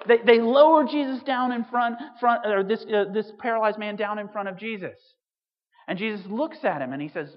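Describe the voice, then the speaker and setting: A pastor gives a sermon in a relaxed, storytelling way, dropping in casual asides. His voice carries a long reverb off the hall walls. The sound is somewhat dull and muffled. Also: high voice, moderate pace. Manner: conversational, animated storytelling with asides.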